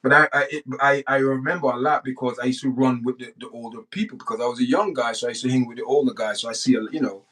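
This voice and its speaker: A middle-aged Jamaican man hosting a casual livestream, talking in long rambling runs with frequent restarts and sudden animated bursts. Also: mid-range voice, quick pace, few pauses, poor audio. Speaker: livestream host. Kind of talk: casual live-stream monologue.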